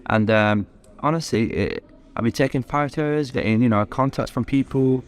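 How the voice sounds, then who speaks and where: A man's voice: medium pitch, moderate pace. A young man with a London accent, a guest English teacher talking enthusiastically in a casual interview, with lots of fillers. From Algeria. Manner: warm, enthusiastic, many fillers.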